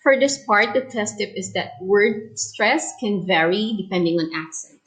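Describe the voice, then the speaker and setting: A woman teacher talks through an English lesson in a clear, explanatory way. Her voice sits at a middle pitch. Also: expressive, unhurried, fairly bright tone, low-quality recording. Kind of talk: recorded online lesson.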